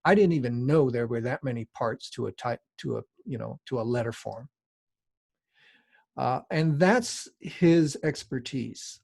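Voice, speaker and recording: A man's voice: mid-range voice, unhurried, gravelly, darkish tone, breathy edge, no echo, clean studio sound. A middle-aged man, a design teacher, lecturing in a rambling, conversational way with frequent asides. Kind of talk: lecture with casual storytelling.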